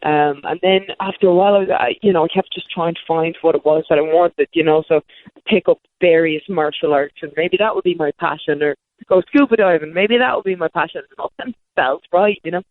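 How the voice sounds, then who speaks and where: On the low side and brisk, a woman in her thirties rambles through long personal stories as an interview guest, frequently restarting and self-correcting. It's candid storytelling on a tinny phone-like line, recorded dry.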